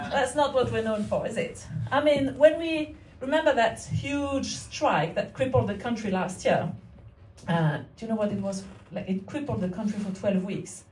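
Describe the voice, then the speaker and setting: A woman works a comedy club stage, her voice sitting a little high as she tosses off wry, mock-innocent asides. The mic hangs back from her in an echoey room, and laughter from the crowd rolls in behind her lines. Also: lively intonation, normal speed, recorded from a distance, a little hiss or hum. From France. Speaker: stand-up comedian. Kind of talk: stand-up comedy set. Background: audience laughter.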